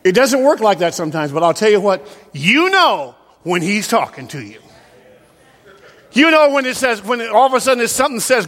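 A man preaching a sermon as a pastor in a church, swinging from loud, emphatic peaks down to soft, quiet passages. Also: high voice, big pitch swings, fairly quick, in a large hall. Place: church sanctuary.

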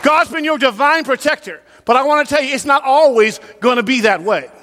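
A male pastor with a notably high voice preaches a sermon in church, quickly and with a faint crowd audible. He jumps from loud, shouted emphasis to soft, hushed lines, and the sanctuary adds a long reverb.

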